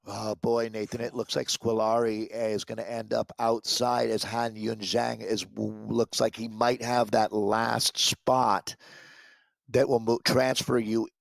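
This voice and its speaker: Gravelly-voiced man calling a race. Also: lowish voice, slow pace, no room sound. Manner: excitable, cheering at the finish. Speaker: esports cycling commentator. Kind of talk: play-by-play race commentary.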